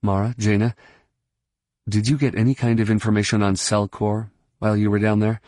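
A man voicing a steady, calm Jedi leader. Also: lowish voice, fairly quick, no echo, studio quality, natural voice.

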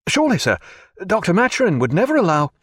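A man's voice: medium pitch, big pitch swings, a little fast, breathy edge, no room sound, studio quality, pitched above the performer's own voice. A man voicing an earnest young officer. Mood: deferential. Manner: deferential, anxious.

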